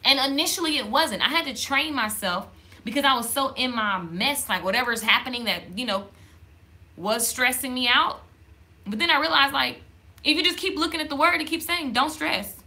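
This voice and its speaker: A woman hosting a faith-based live stream, talking to the camera in a lively, conversational way and reading viewer comments aloud. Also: sits high, normal speed. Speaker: livestream host. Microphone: camera in front of her.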